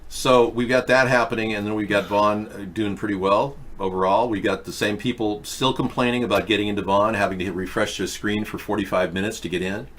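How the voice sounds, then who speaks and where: Low-voiced man giving a casual update. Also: fairly even intonation, fairly quick, hardly any pauses, a bit bright, a little hiss or hum. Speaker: show host.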